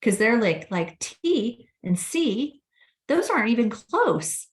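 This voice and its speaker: A woman who is a speech-language pathologist, explaining ideas in an animated, teacherly way during an interview. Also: on the high side, slow. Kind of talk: interview conversation. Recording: echoey room.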